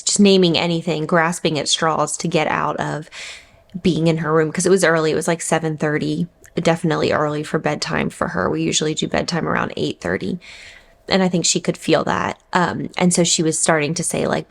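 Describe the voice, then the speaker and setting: A woman's voice: low voice, fairly even intonation, normal speed, gravelly. A woman in her thirties, a mother vlogging, telling a personal story in a candid, reflective, conversational way.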